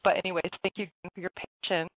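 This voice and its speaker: A woman's voice: on the low side, little pitch movement, rapid-fire, dry recording. A woman hosting an internet radio show, chatty and apologetic, laughing easily as she talks. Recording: dull lo-fi audio, dry.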